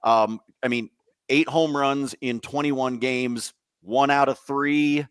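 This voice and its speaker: A man's voice: medium pitch, fairly even intonation, takes it slowly, clear, resonant tone, no room sound. A man co-hosting a sports betting podcast, laying out stats in a matter-of-fact way and talking to the folks listening. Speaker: podcast co-host. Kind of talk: casual sports betting talk.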